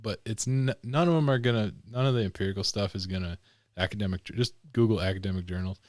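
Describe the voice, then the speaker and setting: A man's voice: fairly low pitch, fast, dry recording, clean studio sound. A man from Michigan, a podcast guest, chatting and joking. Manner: animated, joking. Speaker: podcast guest, foster parent. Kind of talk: casual chat.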